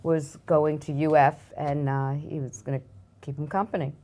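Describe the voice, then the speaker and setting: An older woman speaks in a strong New York accent with a low voice. She talks in a chatty, effusive way, and she makes light of herself. She sounds like a relaxed interview guest. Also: normal speed. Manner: chatty, self-deprecating, warm and effusive. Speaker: guest, arts nonprofit marketing director. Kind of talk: casual interview chat.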